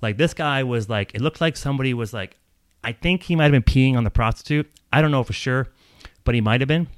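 Fast-talking man telling a rambling story. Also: mid-range voice, dry recording. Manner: profane, rambling, animated, laughs while telling. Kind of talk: casual storytelling.

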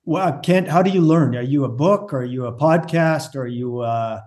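A man's voice: medium pitch, moderate pace, darkish tone. A man hosting a business podcast, asking guests encouraging questions. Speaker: podcast host. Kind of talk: podcast interview.

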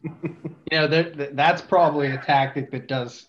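A man's voice: medium pitch, fairly even intonation, unhurried, lo-fi sound, slight background noise. A man hosting a casual podcast chat, asking questions in a laid-back way.

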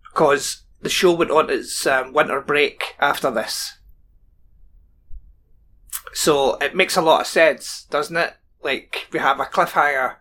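A man's voice: a little high, slow pace, bright, forceful tone. A man co-hosting a casual podcast, chatting about a TV show and reading plot summaries aloud. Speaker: podcast co-host. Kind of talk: casual chat.

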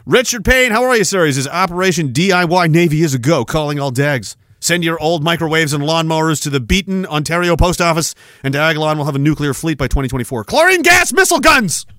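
Brisk and lively in intonation, a podcast host with a fairly high, slightly bright voice reads viewer messages aloud in a sarcastic rant full of swearing and laughter. It's a studio-quality recording without any room sound.

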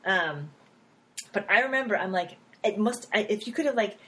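An app founder talks casually in an interview, her pitch lively and swooping. She's animated, laughs often, acts out little quotes, and uses plenty of fillers and restarts at a moderate pace. The recording is rough.

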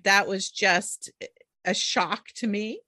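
A middle-aged woman, an author, telling a personal story in an interview with animated delivery and frequent laughter. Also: mid-range voice, slow, no echo, clean studio sound. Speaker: author and guest.

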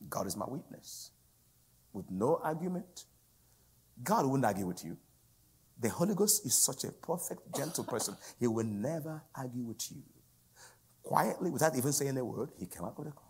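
A man preaching a sermon as a guest speaker, swinging from loud, pleading outbursts down to hushed whispers. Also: medium pitch, husky.

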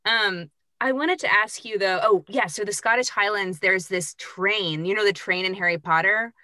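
A woman's voice: medium pitch, moderate pace, bright, forceful tone, dry recording, clean studio sound. A woman hosting a podcast, chatting casually and asking her guests curious questions. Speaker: podcast host. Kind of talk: casual chat.

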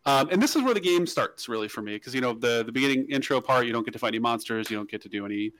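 A man talking quickly on a podcast, his words tumbling out in a rapid, loose ramble full of restarts. The sound is close and dry, with no room echo at all. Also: mid-range voice, lively intonation, a bit bright. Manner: rambling, with many restarts and fillers. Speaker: podcast host. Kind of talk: casual podcast chat.

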